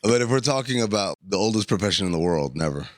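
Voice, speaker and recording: Low-voiced joking male co-host. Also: expressive, fast talker, dry recording, clean studio sound. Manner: frank, jokey storyteller. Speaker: podcast co-host. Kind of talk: casual comedic chat.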